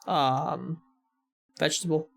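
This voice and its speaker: A man's voice: fairly high pitch, slow pace, creaky, a bit bright. An American man hosting a reaction video, talking casually and rambling with many fillers. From United States.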